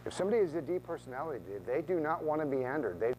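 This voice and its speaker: A man teaching a room of real estate agents in a training talk, lively and acting out quoted voices, often repeating words as he goes. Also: on the high side, racing, slight background noise, poor audio.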